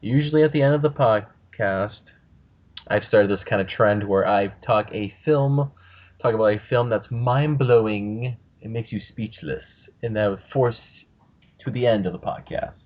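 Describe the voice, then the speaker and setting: A man's voice: fairly low pitch, moderate pace. A man hosting a casual podcast, rambling and swearing freely as he talks. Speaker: podcast host. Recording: muffled lo-fi audio.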